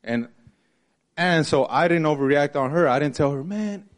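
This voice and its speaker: Low-voiced guy telling a family story to a group, lively, acts out voices. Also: moderate pace. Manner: animated, acts out voices in his story, laughs often. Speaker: group participant sharing a story.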